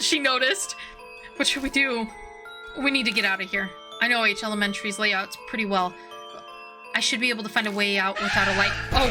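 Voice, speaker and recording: A woman streamer who reads game dialogue aloud between casual, giggly, foul-mouthed reactions. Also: fairly high pitch. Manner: giggly, swears freely, reacts loudly. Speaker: streamer playing a visual novel. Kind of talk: reading game text aloud with casual commentary. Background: game music.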